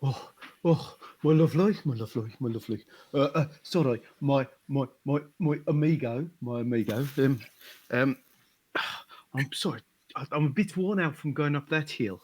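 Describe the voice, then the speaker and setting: A man voicing a genial, old-fashioned gentleman who stammers and barks like a showman while hyping up his partner in a tabletop role-play. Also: a little high, expressive, a little slow, long pauses, pitched below the performer's own voice. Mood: winded. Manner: stammering, theatrical barker. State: out of breath.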